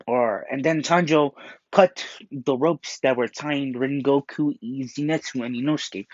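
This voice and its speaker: A man's voice: medium pitch, darkish tone, no echo. A man retelling a story in a rambling, casual way, full of restarts and fillers, on a muffled, dry recording.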